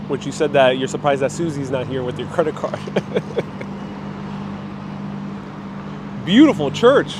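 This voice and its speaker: A man's voice: on the high side, lively intonation, takes it slowly, long pauses. A man live-streaming as he walks through a city, chatting casually and thinking aloud, recorded on a phone outdoors. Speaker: live-stream travel vlogger. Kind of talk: casual walking live stream, reading viewer comments. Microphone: phone held while walking. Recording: outdoor street noise. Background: street noise and traffic.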